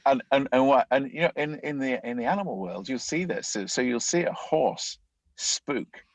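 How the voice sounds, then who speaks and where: A man's voice: medium pitch, moderate pace, dry recording, poor audio. A man, a leadership coach, explaining ideas in a conversational interview, often acting out inner thoughts as quoted voices.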